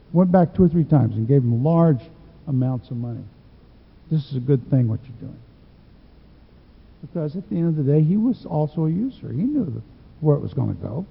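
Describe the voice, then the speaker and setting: A man's voice: a little high, vocal fry, big-room sound, lo-fi sound. A man preaching a sermon, telling stories in a folksy way, with frequent restarts. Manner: folksy storytelling with repeated restarts.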